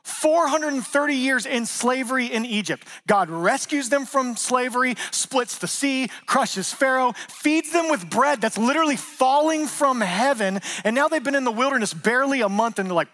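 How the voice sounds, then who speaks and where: A man in his thirties preaching a sermon as pastor, conversational and animated, acting out quotes and joking with the congregation. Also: very high voice, normal speed, hardly any pauses.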